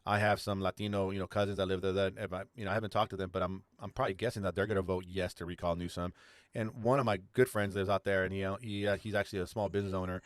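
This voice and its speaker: Man, middle-aged, from California, podcast co-host, rambling casual talk, low voice, dry close recording. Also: fairly even intonation, rapid-fire, no room sound. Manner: rambling, restarts sentences often. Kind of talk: casual political discussion.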